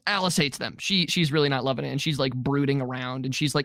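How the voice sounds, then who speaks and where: This podcast co-host is a man whose mid-range, fairly bright voice moves at a quick pace. In a casual movie review chat, he recaps the plot with jokes and mocking voices for the characters he quotes, recorded in clean studio quality with no room sound.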